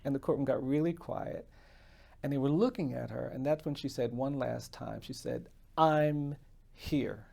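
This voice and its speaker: A man, a defense attorney, telling a story in an interview in an earnest, measured way. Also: medium pitch, gravelly, warm tone, slightly rough.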